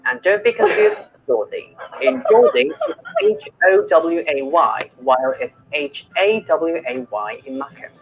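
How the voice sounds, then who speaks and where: A woman presenting a language explainer video, speaking slowly and deliberately. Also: low-pitched, lively intonation, dull audio. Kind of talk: scripted explainer narration.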